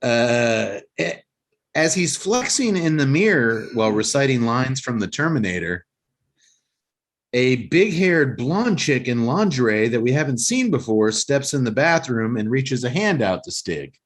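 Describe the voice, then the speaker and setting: A man's voice: medium pitch, big pitch swings, a little slow. A man hosting a casual talk show, rambling and joking as he recaps a movie plot. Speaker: podcast host.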